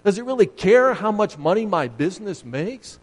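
A man preaching a sermon, emphatic and building to sharp, rising points as he makes his case. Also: high voice, very animated, normal speed, breathy edge, big-room sound.

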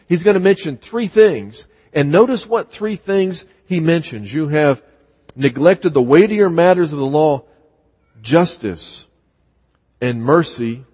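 A man's voice: fairly high pitch, a little mellow, husky. Emphatic male preacher in a reverberant hall. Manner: emphatic, repeats words, voices scripture quotes dramatically. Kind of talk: sermon. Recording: muffled sound with long hall reverb.

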